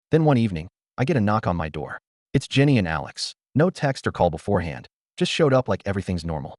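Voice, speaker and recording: Man narrating a first-person story, earnest, low voice, lively pitch, dry close sound. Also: no room sound.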